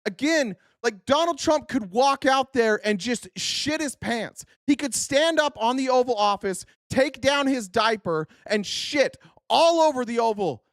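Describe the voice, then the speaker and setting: A man streams live political commentary, venting at his chat in a heated, sarcastic tirade packed with swearing. His voice sits high for a man. The mic is close and dry, with no room sound at all. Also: animated, measured pace, hardly any pauses, dry recording.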